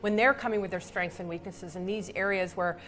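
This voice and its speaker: A woman's voice: lowish voice, a little fast, a bit bright. Chatty woman soccer analyst in her forties. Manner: enthusiastic, chatty, frequent restarts. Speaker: soccer analyst and former goalkeeper. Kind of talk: casual studio panel talk.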